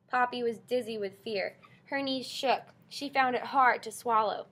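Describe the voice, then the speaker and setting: A woman reading a children's novel aloud with expressive storytelling. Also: fairly high pitch, unhurried. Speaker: audiobook narrator. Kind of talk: scripted narration.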